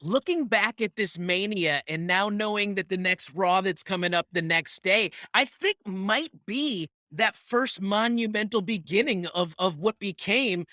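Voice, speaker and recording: Bright, high-voiced male co-host who keeps the questions coming. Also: unhurried, few pauses, no room sound, studio quality. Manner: eager, prompting questions. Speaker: podcast co-host. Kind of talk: casual interview questions.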